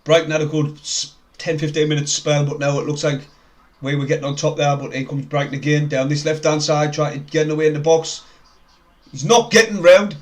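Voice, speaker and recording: Chatty North East English lad. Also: male voice, a little high, a little fast. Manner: chatty, excitable, laughs often, reads out viewer names. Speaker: fan live-streamer. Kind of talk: casual live match commentary.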